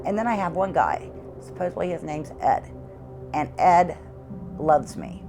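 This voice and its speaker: Middle-aged woman, low voice, earnest and halting, interview testimony from her own home. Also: animated, over music. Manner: halting, repeats words, earnest. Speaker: homeowner interviewed about hauntings.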